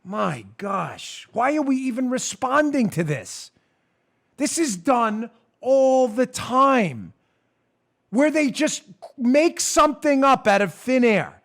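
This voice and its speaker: Sarcastic high-voiced man ranting. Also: big pitch swings, takes it slowly, creaky. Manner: sarcastic, exasperated, mocking; ranting, getting louder. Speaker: podcast host. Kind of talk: political commentary.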